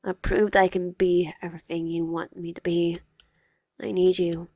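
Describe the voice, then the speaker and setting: A woman's voice: on the low side, flat delivery, moderate pace, dark tone, no room sound, clean studio sound. A woman voicing a possessive, tearful teenage boy classmate who pleads and clings. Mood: pleading.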